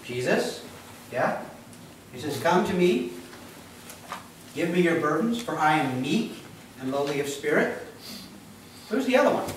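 A man's voice: on the high side, expressive, unhurried, pauses often, heavy reverb, far from the mic, a little hiss or hum, poor audio. A man preaching a sermon as pastor, talking conversationally, quizzing the congregation and acting out voices. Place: church.

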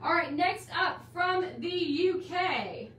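A bubbly woman hosting a live online class, gushing over her viewers with a high, bright pitch. She sounds a bit distant from the mic, in a roomy space with a faint hiss behind her. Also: lively intonation, slow. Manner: bubbly, gushing, calls viewers guys and my dear. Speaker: host of a live quilting class stream. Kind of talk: enthusiastic live-stream welcome.

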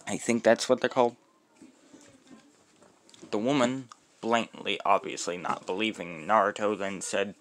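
A man casually narrating a homemade fan story, rambling off on tangents with halting restarts. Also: lowish voice, steady tone, a bit bright.

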